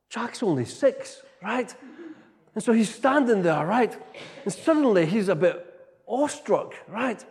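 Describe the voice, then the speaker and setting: Male preacher, middle-aged, light high voice, lively anecdotal sermon, long hall reverb. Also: unhurried. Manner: animated storytelling, keeps tagging "right?". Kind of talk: storytelling sermon.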